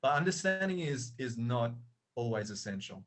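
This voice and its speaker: A man's voice: mid-range voice, sing-song, moderate pace, a bit bright. A middle-aged man, a coach and author, telling a story as a podcast guest, with many restarts and fillers.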